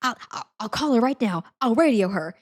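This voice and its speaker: A woman's voice: fairly high pitch, expressive, brisk. A woman voicing a frazzled female drink-stand worker, repeating herself in a flustered rush.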